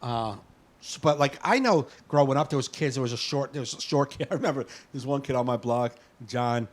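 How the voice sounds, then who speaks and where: A man co-hosts a podcast and tells stories with loose, animated energy. His talk is casual and full of cursing. His voice sits at an ordinary middle pitch. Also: fairly quick. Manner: profane, animated storytelling. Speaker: podcast co-host.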